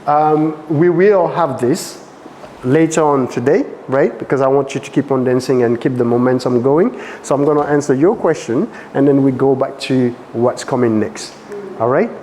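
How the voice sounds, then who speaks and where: French-accented male dance coach, lively workshop teaching, reverberant room. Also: medium pitch, normal speed, a little hiss or hum. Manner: animated, asks frequent check questions.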